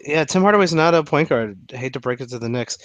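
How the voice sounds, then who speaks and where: A man's voice: medium pitch, lively intonation, quick pace, no echo, muffled recording. Guy hosting a sports podcast, playfully indignant, dry mic. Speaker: podcast co-host. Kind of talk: casual sports chat.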